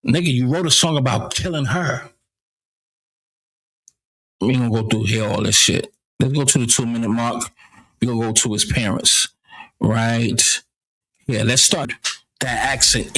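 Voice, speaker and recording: A man's voice: mid-range voice, bright, forceful tone. A man from the United States hosting a casual commentary show, blunt and profane, often stammering and repeating himself. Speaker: commentary channel host.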